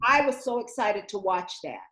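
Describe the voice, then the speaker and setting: A woman's voice: medium pitch, lively intonation, moderate pace, fairly bright tone, roomy sound. A middle-aged woman giving emotional personal testimony in a community discussion over a video call, her voice rising when she is hurt.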